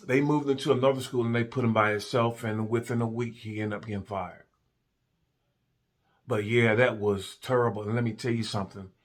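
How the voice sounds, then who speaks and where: Ex-cop in his middle years, colloquial and animated storyteller, mid-range voice. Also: medium pitch. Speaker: former police officer telling a story. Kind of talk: casual storytelling.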